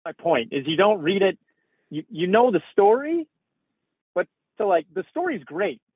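Laid-back podcast co-host, man, husky voice, tinny phone-quality sound from his car. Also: high-pitched, very animated, moderate pace, dry recording. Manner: dry, laid-back, wry humor. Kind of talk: casual podcast chat. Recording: tinny phone-like line, dry.

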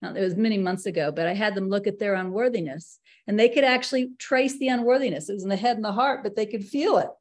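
Woman, spiritual teacher, casual talk, easygoing and conversational, slows to read. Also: mid-range voice. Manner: conversational, laughs easily, slows to read passages.

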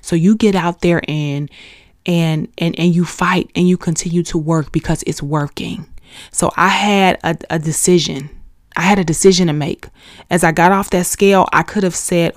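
A woman's voice: fairly low pitch, fairly even intonation, moderate pace, no room sound, studio quality. A middle-aged woman hosting a faith podcast, urging listeners on in an emphatic, preachy way. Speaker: podcast host. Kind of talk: motivational faith talk.

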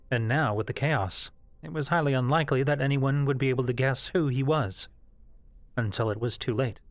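Measured male audiobook narrator. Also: mid-range voice, no echo. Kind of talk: fan novel audiobook narration. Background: faint background music.

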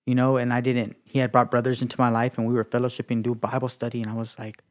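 A man at an ordinary pitch tells his faith story in an easygoing, conversational way, full of life, playing out his own past words and sometimes sinking to a whisper. The sound is a bit dull and lo-fi. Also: completely flat delivery, quick pace. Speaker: guest sharing a faith testimony. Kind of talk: casual conversational testimony.

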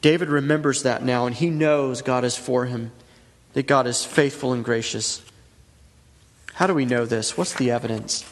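A man's voice: mid-range voice, normal speed, in a large hall. A man in his thirties, a pastor preaching a sermon in an earnest, conversational way with lots of repetition.

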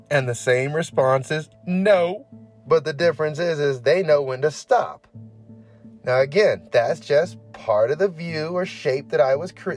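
A man with a slightly raised pitch tells of his years as a prison officer in an emphatic, impassioned way. His voice presses hard on key words as he speaks. Soft music plays faintly beneath him. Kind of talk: personal testimony.

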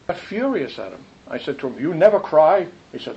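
A man giving a rambling, animated spiritual talk, telling stories with quick asides. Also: medium pitch, creaky. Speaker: spiritual teacher. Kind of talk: dharma talk with questions. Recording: muffled lo-fi recording with faint noise.

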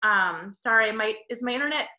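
A woman's voice: on the high side, animated, a little fast, sharp tone, roomy sound, slight background noise. A woman hosting a podcast interview over a video call, gushing and emotional, rambling with many restarts. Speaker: podcast host.

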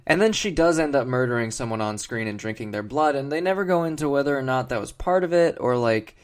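Mid-pitched man, deadpan comedy podcast co-host who rambles. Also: quick pace. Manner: rambling, mock-earnest, full of fillers.

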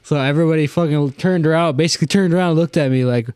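Casual podcast co-host, young man, slightly high voice, rambling and swearing, lots of fillers. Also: fast talker, darkish tone, clear, resonant tone, dry recording. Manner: rambling storyteller, heavy swearing, many fillers. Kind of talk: casual chat.

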